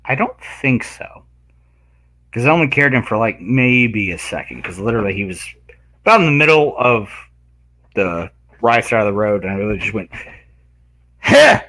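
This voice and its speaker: A man in casual chat who tells animated stories, acting out voices and laughing loudly. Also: lowish voice, moderate pace. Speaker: guest.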